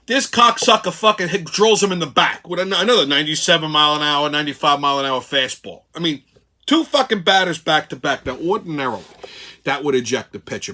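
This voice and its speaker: A middle-aged man rants about sports, swearing constantly and sounding furious. His voice sits fairly high for a man and comes across bright and forceful. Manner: angry, foul-mouthed, ranting. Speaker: sports commentary host. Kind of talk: profane sports rant.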